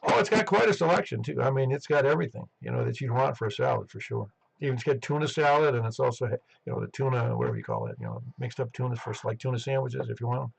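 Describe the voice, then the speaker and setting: Gravelly, quick-talking radio net host. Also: male voice, medium pitch, lively intonation, low-quality recording. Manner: rambling, chatty, self-interrupting. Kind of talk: casual radio net chat. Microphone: headset.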